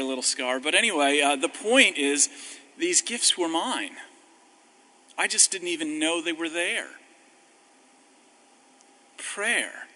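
Male pastor, slightly high and sharp voice, casual wry sermon, slows for scripture. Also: poor audio. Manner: conversational, self-deprecating humor, slows on scripture.

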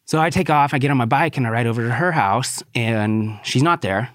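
A young man telling a personal story in a casual, profane way, with fillers and sudden excited outbursts. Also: brisk, no echo, clean studio sound. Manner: profane, animated, rising to high-pitched outbursts.

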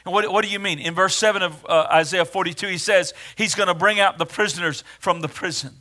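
Casting note: male preacher, high bright tenor, earnest sermon delivery. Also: fast. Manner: earnest, rising to emphatic when reading scripture aloud.

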